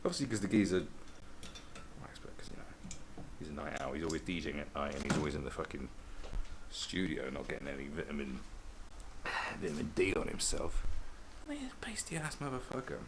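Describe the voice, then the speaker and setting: A man's voice: rumbling low, a little fast, vocal fry, noisy background. A man hosting a podcast, telling rambling, sweary stories in a casual monologue.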